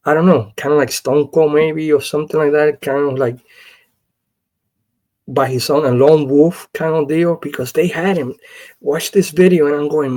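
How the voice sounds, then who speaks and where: Man hosting an animated podcast rant. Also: medium pitch, rough recording. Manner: animated storytelling, many "you know" fillers. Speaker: podcast host. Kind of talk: casual wrestling history commentary.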